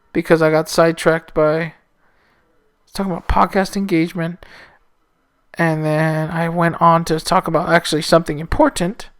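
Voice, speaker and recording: A man's voice: sits high, a bit bright, smooth, dry recording. A young man hosting a casual solo podcast, rambling and self-mocking with loose, profane asides. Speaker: podcast host.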